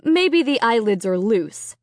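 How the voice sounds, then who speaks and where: A woman voicing a father who explains calmly and mutters sternly when annoyed. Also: on the high side, a little slow, no room sound, studio quality. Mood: calm explaining. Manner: calm, then muttering and stern. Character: patient grown man, a father, easily annoyed.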